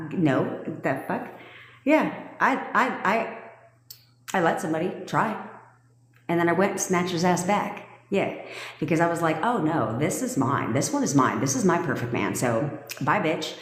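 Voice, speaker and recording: A sassy, foul-mouthed woman, a manifestation coach, telling a personal story in a casual livestream and laughing as she goes. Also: on the low side. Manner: brash, profane and sassy. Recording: echoey room with long reverb.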